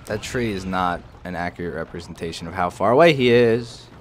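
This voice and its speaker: A young man casually commentating his own tank gameplay, excitable and profane, often jumping into loud outbursts. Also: sits low, fairly quick. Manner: excitable, profane, bursts into shouts. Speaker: gaming channel host. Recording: faint game noise behind. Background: game artillery and battle noise.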